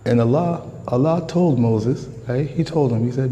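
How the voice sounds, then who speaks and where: An American man giving a lively, slangy sermon in a mosque, jumping from calm talk to shouts. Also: medium pitch, moderate pace, few pauses, in a large hall, rough recording. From United States. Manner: animated, slangy street talk, rises to shouts. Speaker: guest preacher. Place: mosque prayer hall.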